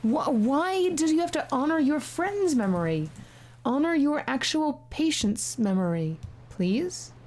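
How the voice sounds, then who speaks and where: A woman's voice: high-pitched, very animated, measured pace, a little mellow, slight background noise. A young woman doing casual gameplay commentary, reading the game text aloud and mocking the story sarcastically, with the odd swear. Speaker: let's-play gamer.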